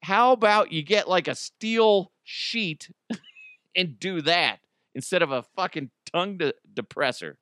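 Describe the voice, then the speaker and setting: Brief: lively male comic host, bright voice, dry close sound. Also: sits high, a little slow, no echo. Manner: animated, joking, laughing often. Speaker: podcast host. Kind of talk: comedic solo podcast monologue.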